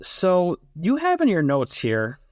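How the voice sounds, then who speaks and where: Podcast host guy, kinda high lively voice, dry close sound. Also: slow pace, dry recording. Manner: brief reactions and laughs. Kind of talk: casual interview.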